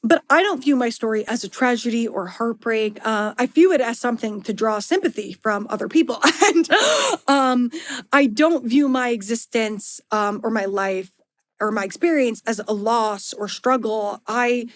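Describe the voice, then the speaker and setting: A young woman in her twenties, hosting a podcast and telling a story in an animated, dramatic way, with quick giggles and playful swearing. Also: a little high. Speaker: podcast host. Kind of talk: storytelling monologue.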